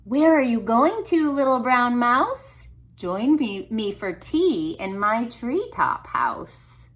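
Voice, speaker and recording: A hungry storybook owl , read by a woman, inviting and sing-song. The voice is pitched a bit high and moves slowly. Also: sing-song, full character voice.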